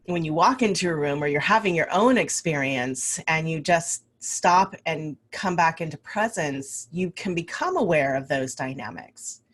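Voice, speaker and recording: Low-voiced woman host, reflective. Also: animated, moderate pace, hardly any pauses. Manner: reflective and explanatory, putting on brighter voices for quoted thoughts. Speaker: interview host and coach. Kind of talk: casual interview chat.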